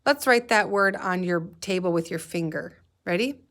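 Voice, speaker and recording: A woman's voice: lowish voice, expressive, moderate pace, a bit bright. A woman teacher leading a guided reading lesson for young children, patiently sounding out letters and words.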